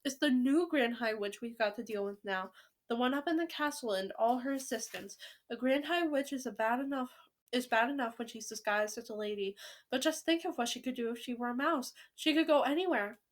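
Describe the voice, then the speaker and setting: A woman voices a spirited old grandmother in a children's story. She speaks briskly and with force, full of bold plans, in a fairly high voice. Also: close to an everyday voice. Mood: determined.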